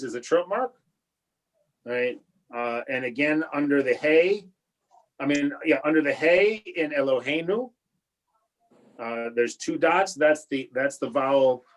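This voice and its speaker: A man leads an online Hebrew prayer class as its rabbi, heard through a video call. His voice sits at an ordinary middle pitch. He talks in a halting, patient way, stopping and restarting often as he encourages his students. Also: low-quality recording. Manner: halting, with many restarts and fillers. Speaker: rabbi teaching a bar and bat mitzvah class.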